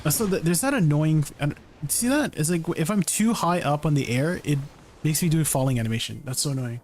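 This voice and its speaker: A man's voice: fairly high pitch, animated, a little fast, a little mellow, a little hiss or hum. A man streaming a game, chatting casually and answering questions from chat. He often ends his sentences with "right?". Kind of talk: casual livestream chat while gaming.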